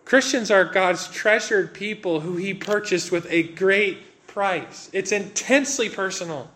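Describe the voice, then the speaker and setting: A man, preaching a sermon in an earnest, conversational way with dramatic pauses. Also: high voice, a bit bright. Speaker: pastor.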